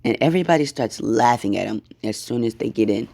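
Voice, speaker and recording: A man's voice: mid-range voice, expressive, fairly quick, vocal fry, darkish tone. A man casually narrating an improvised fan story, swearing often and acting out the lines. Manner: casual, swears a lot, acts out quotes.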